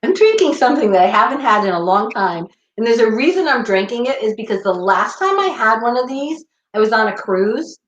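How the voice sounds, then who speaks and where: A woman co-hosting a chatty show from home, animated and easily sidetracked. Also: fairly high pitch, brisk, hardly any pauses, roomy sound, dull audio, slight background noise. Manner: animated, scattered, laughing. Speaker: podcast co-host. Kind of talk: casual chat. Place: home room.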